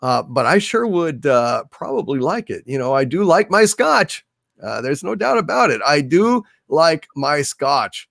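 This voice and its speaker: Slow, theatrical male stream host. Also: on the high side, very animated, vocal fry, a bit bright, no echo, studio quality. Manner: theatrical, hailing viewers grandly. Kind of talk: reading viewer chat messages on a live stream.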